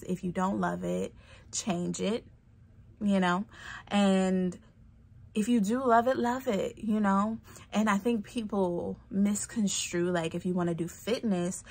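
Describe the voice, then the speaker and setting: A young adult woman vlogging casually about fitness into a phone camera, chatty and expressive, with quick laughs and whispered asides. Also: mid-range voice, vocal fry.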